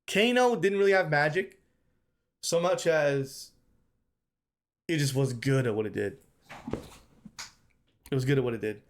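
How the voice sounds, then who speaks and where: A man's voice: on the high side, unhurried, pauses often. A man streaming live, giving casual, emphatic commentary and repeating his points, often calling the chat "bro".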